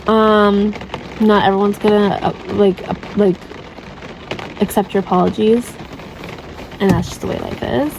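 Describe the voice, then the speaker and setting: A young woman in her twenties speaks to her viewers in a loose, confessional chat full of "like" and tag questions. Her pitch sits in an ordinary middle range. A faint noise runs under the recording. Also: flat delivery, measured pace, vocal fry, pauses often. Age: 20s. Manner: chatty, heavy use of "like" and "right?", candid. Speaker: vlogger. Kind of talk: casual confessional advice talk.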